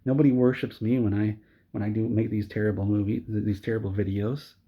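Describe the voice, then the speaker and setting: A man's voice: fairly low pitch, little pitch movement, brisk, breathy edge, highs cut off. A man delivering an exasperated comedic movie rant, stumbling over and repeating his words. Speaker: video creator.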